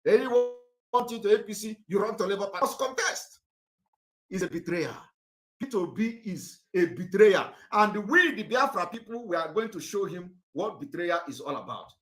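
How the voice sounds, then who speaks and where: Nigerian male activist, impassioned address, very animated delivery. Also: sits high, moderate pace. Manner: fiery, repetitive, rises to shouting. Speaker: political activist.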